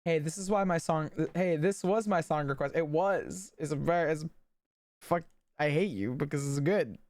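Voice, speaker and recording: A woman's voice: sits low, normal speed, darkish tone, no room sound, studio quality. A woman livestreaming, chatting casually with her viewers in a blunt, rambling way and swearing often. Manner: blunt, swears a lot, rambles and talks to chat.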